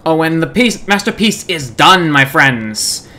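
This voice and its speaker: A man's voice: a little high, big pitch swings, unhurried, bright, forceful tone, slight background noise. A man commentating a video game playthrough in a jokey, sarcastic way with sudden yelps. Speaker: let's-play gamer.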